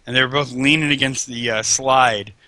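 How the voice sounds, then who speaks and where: A man's voice: mid-range voice, fairly even intonation, moderate pace, sharp tone. A man chatting casually over a game, joking and swearing as he rambles. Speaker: host. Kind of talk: casual chat over gameplay.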